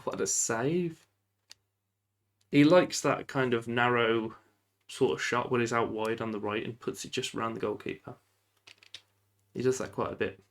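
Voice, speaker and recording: A man giving lively, casual commentary while playing a football management game, often shouting at the referee and laughing. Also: medium pitch. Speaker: gaming YouTuber.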